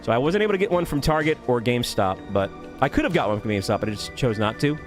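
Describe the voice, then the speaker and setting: A man streaming live, cheerfully greeting viewers by name and thanking them with quick laughs. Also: medium pitch, expressive, soft background music. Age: adult. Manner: upbeat, rapid shout-outs with laughs. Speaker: YouTube streamer.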